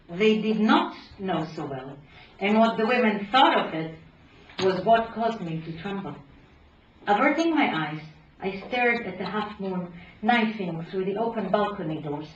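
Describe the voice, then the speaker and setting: A woman professor reading aloud from her book at a lecture, measured, dropping low at phrase ends. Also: slight background noise. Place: lecture hall. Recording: roomy hall, distant dull mic.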